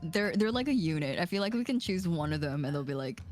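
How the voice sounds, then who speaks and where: A woman's voice: sits low, expressive, fast talker, darkish tone. A woman co-streaming a game, laughing a lot and putting on silly character voices. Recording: faint game music behind.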